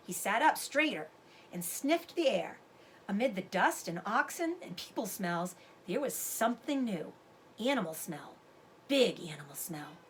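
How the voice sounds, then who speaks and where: A woman teacher reading a chapter book aloud to her students, expressive and stopping to explain words. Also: mid-range voice, a little hiss or hum.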